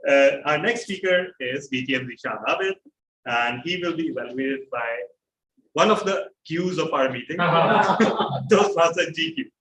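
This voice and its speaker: A man's voice: a little high, expressive, a little slow, fairly bright tone. Bantering man hosting a club meeting. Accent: Pakistani English. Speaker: meeting host. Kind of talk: introducing speakers at a club meeting. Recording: echoey room from far off, faint noise.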